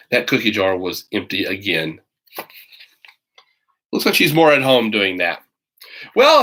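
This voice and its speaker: A man with a bright, fairly high voice reads a children's storybook aloud. His pitch swings widely as he animates the lines, and he slips in chatty little asides between the pages. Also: a little hiss or hum. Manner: animated reader, breaks in with chatty comments. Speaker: teacher reading a children's book aloud.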